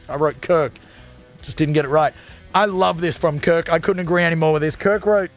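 A man's voice: on the high side, fairly quick, faint music behind. A male radio host, ranting comically and with lots of energy into a studio microphone. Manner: animated, ranting, jokey. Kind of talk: comedic radio rant.

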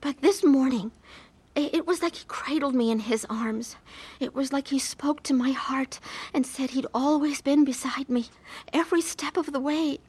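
A woman's voice: sits high, moderate pace, a little mellow. Earnest woman telling her own story. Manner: earnest and emotional. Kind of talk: dramatized testimony narration.

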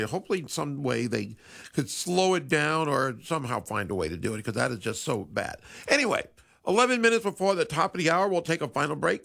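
Gravelly-voiced male radio host. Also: on the high side, a bit bright. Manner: rambling, conversational storyteller. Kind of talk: casual radio monologue.

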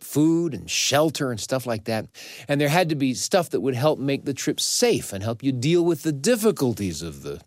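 A man's voice: mid-range voice, no echo, studio quality. A man hosting a storytelling program, reflecting thoughtfully and personally on the tale. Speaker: host. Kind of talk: reflective commentary.

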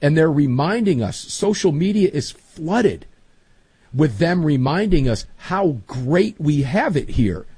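Chatty middle-aged man, husky and lively. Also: on the high side, slow pace, no echo. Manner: chatty, rambling, emphatic. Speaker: podcast host. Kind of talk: casual chat.

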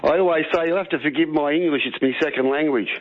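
A man's voice: fairly high pitch, fast talker. An Australian man calling in to talkback radio, insistent and rambling, saying mate often. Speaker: caller. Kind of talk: talkback phone call. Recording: tinny phone line.

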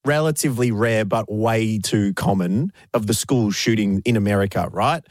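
A man hosting a casual chat, relaxed and gently joking. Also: lowish voice, moderate pace, no echo, studio quality.

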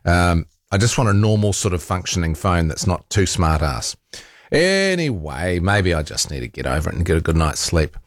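A talkback radio host, a man with a fairly low voice that leaps around animatedly as he rambles through an exasperated anecdote. He laughs often and swears mildly. The sound is dry and close. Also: very animated, normal speed, no echo. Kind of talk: casual on-air chat.

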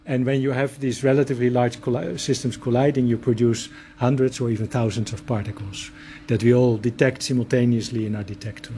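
Measured man explaining physics. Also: mid-range voice, fairly even intonation, dark tone, slight background noise. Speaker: particle physicist.

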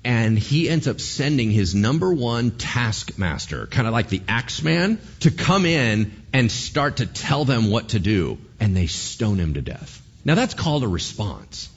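Male pastor, husky, lively delivery, full of rhetorical questions; dull lo-fi recording. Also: lowish voice, moderate pace, few pauses. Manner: animated, conversational, fires rhetorical questions. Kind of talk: sermon.

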